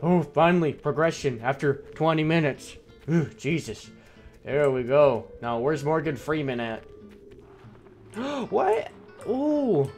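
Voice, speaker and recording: A man's voice: fairly high pitch, moderate pace, a little mellow, soft background music. A young man giving crude, sarcastic running commentary while playing a game. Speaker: gameplay commentator. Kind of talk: casual let's play commentary.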